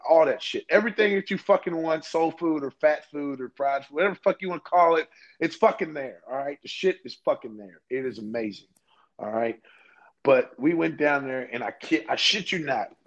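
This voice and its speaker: A young man co-hosting a podcast, telling rambling, profanity-laced stories in casual chat. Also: medium pitch. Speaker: podcast co-host.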